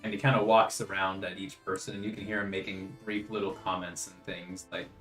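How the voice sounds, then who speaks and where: Relaxed man as game master, low voice, roomy echo, soft music underneath. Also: a little fast. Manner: easygoing, chuckles often. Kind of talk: narrating a tabletop game. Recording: echoey room, faint music.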